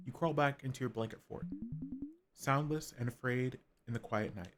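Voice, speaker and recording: Casting: male streamer, mid-pitched, calm narration over game music. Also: moderate pace. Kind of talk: reading game narration aloud.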